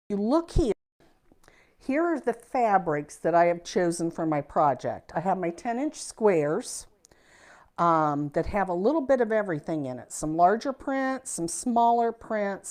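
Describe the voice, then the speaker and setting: A woman's voice: mid-range voice, a little mellow. A middle-aged woman with a Midwestern American accent, giving a casual, folksy quilting lesson in her sewing room. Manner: chatty, folksy, self-deprecating. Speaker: quilting instructor.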